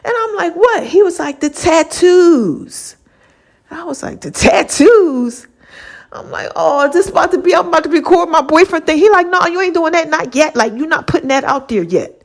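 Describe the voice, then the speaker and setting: A woman hosting her own podcast, telling a personal story in a chatty, animated way, acting out both sides of old conversations and calling her listeners baby and child. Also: high-pitched, fast talker. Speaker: podcast host. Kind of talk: casual storytelling monologue.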